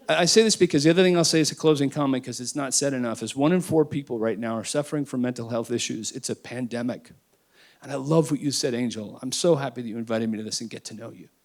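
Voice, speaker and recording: A man speaking on a panel, emphatic and emotional, swinging between loud declarations and quiet asides. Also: medium pitch. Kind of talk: impassioned panel talk.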